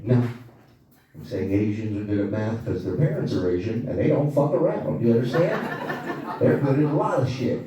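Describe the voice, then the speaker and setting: A man doing a stand-up comedy set on a club stage, telling profane, animated stories with asides to the crowd. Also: medium pitch, moderate pace, background noise. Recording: echoey club audio from far off. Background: small audience laughing.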